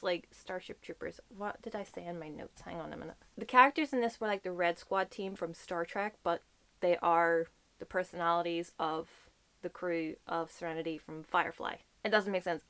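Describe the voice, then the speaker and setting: A woman book vlogger chatting casually about her monthly reads, gushing and full of asides. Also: mid-range voice. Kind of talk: casual reading wrap-up chat.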